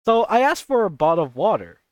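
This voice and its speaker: A young woman co-hosting a podcast, telling a story in a casual, animated way, swearing and acting out voices. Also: mid-range voice, a little fast, no echo, studio quality. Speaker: podcast co-host.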